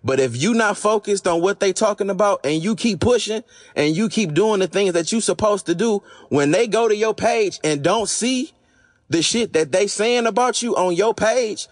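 A podcast host with a hoarse, fading voice, delivering a blunt, profane, exasperated monologue. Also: male voice, high voice. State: losing his voice.

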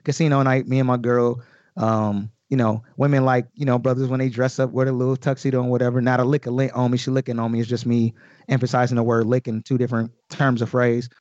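A man's voice: mid-range voice, little pitch movement, quick pace, a little mellow, no echo, highs cut off. A man, a guest rapper on a podcast, breaking down his lyrics in loose, slangy casual chat full of swearing.

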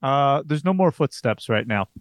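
A man's voice: mid-range voice, expressive, normal speed, no echo, clean studio sound. A man narrating as game master of a tabletop horror game, describing scenes hesitantly with many fillers.

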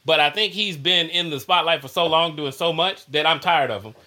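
A man's voice: fairly high pitch, brisk. A man in casual conversation, talking animatedly and laughing often as he tells stories. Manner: animated, acts out quoted voices, laughs often. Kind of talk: casual chat.

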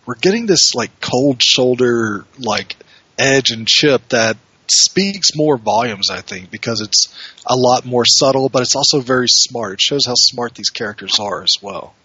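A man's voice: mid-range voice, animated, a little slow, pushed and bright, breathy edge, no room sound, lo-fi sound. A man co-hosting a podcast, rambling casually with plenty of fillers. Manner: loose and rambling, with many fillers and laughs. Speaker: podcast co-host.

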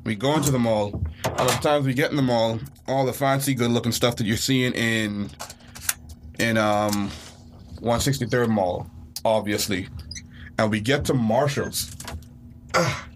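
A man from the Bahamas telling a story on a podcast, full of life and quick to leap into high, frantic yelps when he replays his own panic. A faint hiss of noise sits under his voice. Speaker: podcast co-host. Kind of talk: casual storytelling.

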